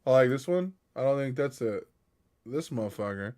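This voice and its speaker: A man's voice: medium pitch, expressive, normal speed, a little mellow. A young man streaming, rambling in a laid-back, slangy way as he chats with his viewers. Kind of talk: casual live-stream chat.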